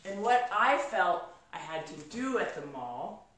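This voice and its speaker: A middle-aged woman giving a live motivational talk to an audience, an energetic storyteller who acts out quoted dialogue. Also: medium pitch, a little slow. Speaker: motivational speaker. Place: large room in front of an audience. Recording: echoey room from far off.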